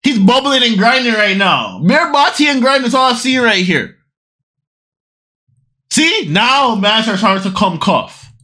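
A woman hosting a casual reaction video. She is excitable and loud, repeats phrases over and over, and swears freely. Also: fairly high pitch, a little slow.

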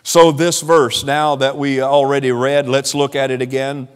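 A man with a Southern accent, a pastor preaching a sermon with animated swings in volume and laughing asides. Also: medium pitch, moderate pace, clean tone, long reverb tail. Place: church sanctuary.

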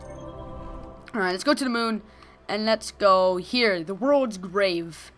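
A young woman giving excited gameplay commentary, gushing and shouting during fights. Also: medium pitch, takes it slowly, faint music behind. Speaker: gaming video host.

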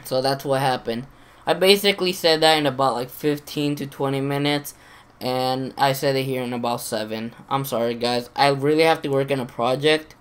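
A man's voice: mid-range voice, normal speed, fairly bright tone, clean tone. A young man telling a story to his channel, rambling and swearing constantly, with lots of fillers and restarts. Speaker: gaming channel host. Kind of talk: casual storytelling to camera.

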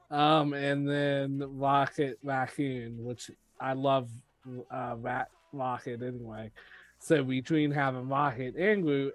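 A man's voice: mid-range voice, dry recording. A man chatting casually as a podcast guest, rambling with many fillers.

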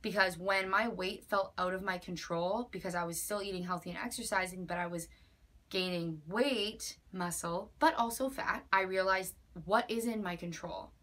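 A woman's voice: mid-range voice, moderate pace, a bit bright. A young woman in her twenties talking earnestly in a personal vlog, emphatic and repetitive, at times near tears. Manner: earnest, emphatic, with many likes and repeated phrases. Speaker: vlogger.

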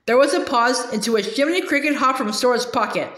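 A woman's voice: on the high side, fast, few pauses, fairly bright tone. Woman reading a storybook in an echoey room. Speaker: audiobook reader.

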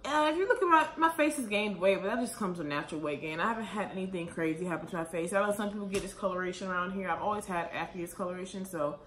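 A young, pregnant vlogger talks to the camera late at night in a room at home, slightly out of breath, with a bright mid-range voice. She chats and rambles quickly, using many fillers, and the echoey room carries faint ambient noise.

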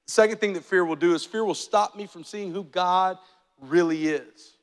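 A man preaching a sermon as pastor, animated and joking, slipping into voices for the people in his stories. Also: high-pitched, normal speed, clear, resonant tone, in a large hall.

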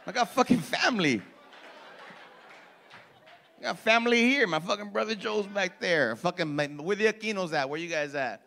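A man's voice: sits high, expressive, moderate pace, pauses often, bright, forceful tone, slight background noise. A man doing brash, profane crowd work as a stand-up comedian in a comedy club. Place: comedy club before a laughing audience.

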